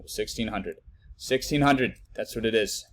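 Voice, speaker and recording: A young man giving blunt, profane betting picks in a casual live video, working through numbers out loud. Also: lowish voice, unhurried. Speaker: sports betting tipster.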